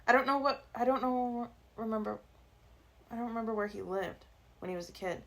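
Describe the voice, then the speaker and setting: A woman co-hosting a true-crime podcast, recounting cases in a relaxed, rambling way. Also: a little high, a little fast. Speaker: podcast co-host. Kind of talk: casual storytelling chat.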